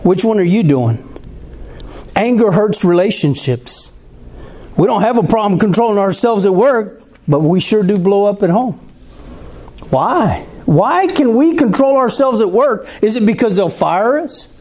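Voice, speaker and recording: A man preaches a sermon in a high but mellow, dark-toned voice. He talks conversationally, asking the congregation questions and waiting for their reply. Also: lively intonation, unhurried, husky.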